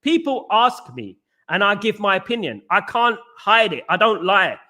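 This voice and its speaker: Host, male, middle-aged; bright, sharp tone, outspoken and repetitive in casual stream chat. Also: high-pitched, sing-song, normal speed. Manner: blunt, outspoken, repeats his phrases. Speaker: livestream host reading viewer comments. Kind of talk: casual live-chat commentary.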